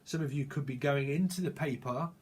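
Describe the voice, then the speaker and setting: A man's voice: medium pitch, brisk, husky. A man giving a tarot reading, free-associating through wordplay and chuckling as he goes. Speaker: tarot reader.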